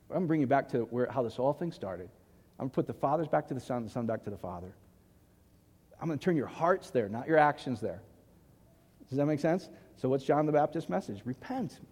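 A man's voice: medium pitch, a little mellow, big-room sound. A man preaching a conversational sermon as pastor, often asking the congregation questions.

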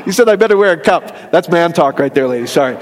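Man preaching, high voice, chatty and joking, asks the crowd questions, long hall reverb. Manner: asks the congregation questions, laughs at his own jokes. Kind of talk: joking, conversational sermon. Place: church hall.

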